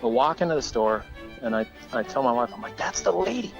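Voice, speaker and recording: Male caller, mid-pitched, lively laughing storyteller, faint music behind. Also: fast talker, rough recording. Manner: laughing through the story, acting out voices. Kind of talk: animated storytelling.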